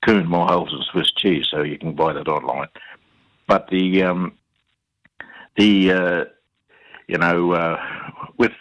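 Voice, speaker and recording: An Australian man giving an interview, telling his stories in a halting way with many fillers and repeated words. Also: low-pitched, steady tone, fairly bright tone, highs cut off. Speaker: interview guest. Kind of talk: conversational storytelling.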